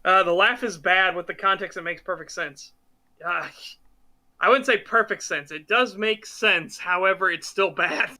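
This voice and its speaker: A man hosting a podcast, talking games in a casual, animated and opinionated way, swearing freely. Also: sits high, normal speed. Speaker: podcast host. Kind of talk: casual gaming commentary chat.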